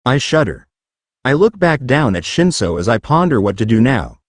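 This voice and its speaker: Lively male fan fiction reader. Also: medium pitch, normal speed, no echo, clean studio sound. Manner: reads aloud, including punctuation, with casual cursing. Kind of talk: first-person story narration.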